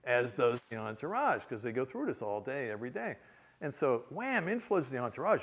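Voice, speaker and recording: A man's voice: on the high side, very animated, fairly quick. A man, an author telling a comic, self-mocking story to an audience with frequent restarts. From New York City, USA. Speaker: author giving a public reading.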